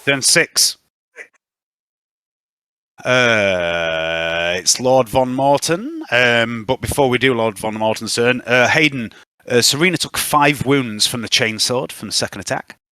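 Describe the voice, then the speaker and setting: A man's voice: medium pitch, lively intonation, slow pace, bright, forceful tone, smooth, no room sound. A man running a tabletop game as game master, chatty and easygoing, telling anecdotes between dice rolls. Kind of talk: running a tabletop game over casual chat.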